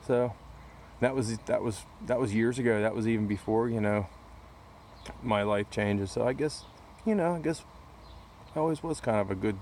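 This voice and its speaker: A man's voice: on the low side, darkish tone, slight background noise. A man talking casually to camera outdoors in a backyard corner, rambling through a story with many restarts. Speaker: vlogger. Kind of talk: casual chat.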